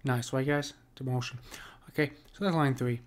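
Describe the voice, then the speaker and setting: In a conversational lesson on poetic meter, a medium-pitched man with fairly even intonation keeps checking in with his listeners. He slows down whenever he reads verse aloud.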